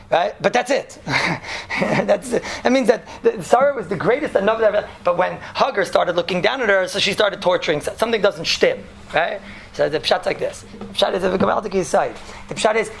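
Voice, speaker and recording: A man teaching a Torah class as a rabbi, animated and joking, sprinkling his talk with Yiddish and Hebrew terms. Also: high voice, gravelly, slight background noise. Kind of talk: lively Torah lecture.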